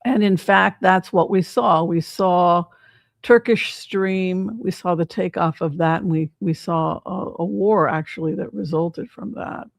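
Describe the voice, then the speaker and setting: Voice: mid-range voice, fairly even intonation, a little slow, creaky, dry recording, studio quality. A psychic tarot reader giving casual livestream commentary in a chatty way, often asking the audience rhetorical questions.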